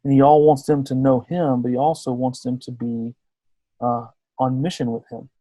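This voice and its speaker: A man in his thirties, a podcast guest telling a personal story with lively energy and slipping into the voices of the people he quotes. His voice is mellow and warm, recorded close and dry with no room sound. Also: mid-range voice, moderate pace, dry recording. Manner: lively storyteller who acts out quoted dialogue.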